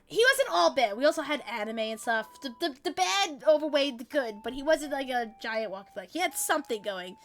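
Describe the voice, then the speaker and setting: High-voiced young woman streamer telling stories. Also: a little fast, hardly any pauses, soft background music. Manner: animated, blunt and swearing. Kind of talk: casual storytelling chat.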